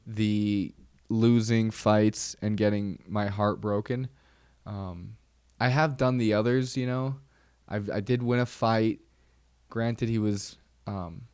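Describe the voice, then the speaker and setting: Podcast host, young man, lower pitch, loose rambling delivery full of restarts, self-mocking humor. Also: a little mellow, clear, resonant tone, no room sound, clean studio sound. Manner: rambling, self-deprecating jokes, many ums and restarts. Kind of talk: casual solo podcast monologue.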